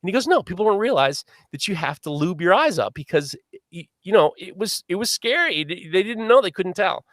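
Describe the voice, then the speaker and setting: Animated, cursing storyteller man. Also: high voice, brisk, no room sound, clean studio sound. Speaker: podcast host. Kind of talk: storytelling on a live podcast.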